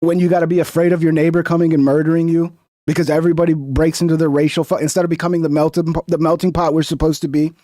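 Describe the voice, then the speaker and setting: A man with a high-pitched voice rants into a dry, close mic, cursing and mocking in a heated, sarcastic tone. His commentary sounds like an angry, unscripted reaction stream. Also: level tone, fast talker, warm tone, no room sound. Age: 30s or older. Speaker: reaction show host. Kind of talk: profane political reaction commentary.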